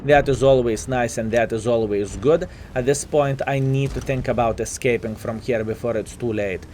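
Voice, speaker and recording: A man's voice: medium pitch, moderate pace, a little mellow, a little hiss or hum. A man with a Lithuanian accent, a native Lithuanian speaker, giving chatty live gameplay commentary and calling his viewers "fellas", a bit sleepy. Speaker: gaming commentator.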